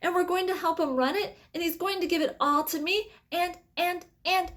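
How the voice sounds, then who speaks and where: A woman reading aloud, voicing an eager, earnest young boy in a storybook with a raised, excited voice. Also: very high-pitched, normal speed, pitched above the performer's own voice.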